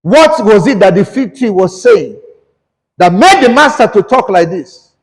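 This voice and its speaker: A pastor delivers a sermon in a high voice, slowly and deliberately, throwing questions back at his congregation. The sound carries a long reverb from a big church hall. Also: big pitch swings, slightly rough. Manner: preaches with call-and-response questions to the congregation; switches between English and Yoruba.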